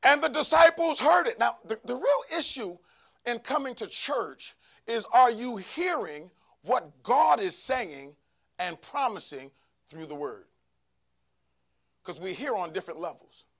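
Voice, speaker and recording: A man preaching a sermon to a church congregation, calling for responses from the crowd and rising to shouts. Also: high-pitched, very animated, a little slow, creaky, long pauses. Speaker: pastor. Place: church sanctuary.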